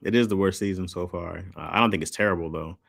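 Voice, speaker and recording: A man's voice: sits low, quick pace, vocal fry, fairly bright tone, no room sound, studio quality. A man streaming live, chatting casually in loose slang and answering chat. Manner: loose slangy talk, reads chat aloud.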